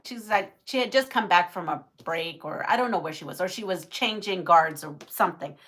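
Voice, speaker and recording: A middle-aged woman hosting a casual livestream, chatting in a rambling, animated way and reading out viewer comments. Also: on the low side, a little fast. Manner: animated storytelling with gasps and laughs. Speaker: livestream host.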